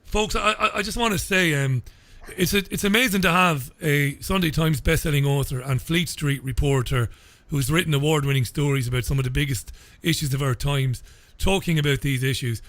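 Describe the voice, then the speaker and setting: A man's voice: a little high, fairly quick, fairly bright tone, no echo. Irish-accented man hosting a radio show. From England. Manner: effusive, repeats words when starting sentences. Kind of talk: live radio interview.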